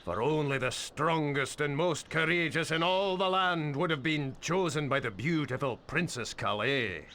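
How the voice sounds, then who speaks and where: A man's voice: fairly high pitch, moderate pace, hardly any pauses, bright, forceful tone, a little hiss or hum. An actor playing a fawning, theatrical old man in a video game, talking in a flowery, dramatic way. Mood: pleading. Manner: flowery, eager to please, dramatic gasps.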